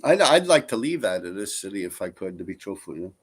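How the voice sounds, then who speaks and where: A man's voice: low-pitched, very animated, fast, husky. A man, rambling casually and profanely as he chats with viewers on his stream. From New York. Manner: rambling, profane, laid-back. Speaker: streamer reading viewer comments. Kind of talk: casual live-stream chat.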